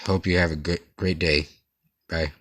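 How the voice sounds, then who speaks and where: A young man giving a rambling class presentation about an artist, in a monotone with frequent stutters and restarts. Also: low-pitched, normal speed. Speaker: student presenter.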